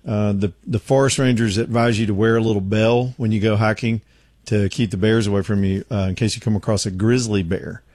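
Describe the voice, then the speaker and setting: A man's voice: fairly low pitch, fairly even intonation, a little fast, a little mellow, no room sound, clean studio sound. Laid-back male radio talk host. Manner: rambling, laid-back, restarts often. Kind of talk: casual chat. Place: radio studio.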